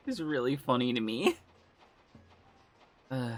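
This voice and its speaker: A woman's voice: very deep voice, big pitch swings, takes it slowly, pauses often, faint music behind. A woman streaming a game, chatting casually with her chat, laughing often and swearing freely. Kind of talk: casual game livestream commentary, reading chat.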